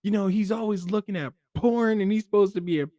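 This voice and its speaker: A man doing shrill whining divorcing spouses. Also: a little fast, dark tone, no room sound, studio quality, natural voice. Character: bitter divorcing spouses complaining to a judge.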